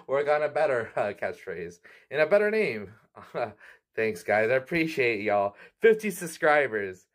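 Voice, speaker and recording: Laughing often and tossing in quick asides, this cartoon review channel host keeps things chatty and casual. He has a medium-pitched voice that swings widely in pitch.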